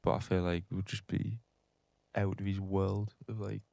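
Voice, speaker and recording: A man's voice: low-pitched, flat delivery, normal speed, creaky, darkish tone, no room sound. A young man with a Northeast English accent, co-hosting a casual podcast in a laid-back, sweary way. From Northeast England. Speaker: podcast co-host.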